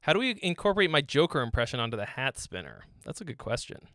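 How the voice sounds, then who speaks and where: A man's voice: medium pitch, sing-song, fast talker, a bit bright, dry recording, clean studio sound. A man hosting a live stream song critique, joking, teasing and swearing as he gives feedback. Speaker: host, songwriting critic.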